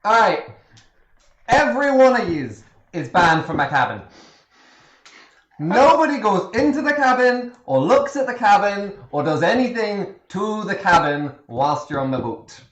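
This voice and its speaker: A man's voice: high voice, very animated, measured pace, fairly bright tone, reverberant, full character voice. A man voicing a territorial, bossy male ship captain with a put-on Irish accent, in a tabletop game. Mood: indignant.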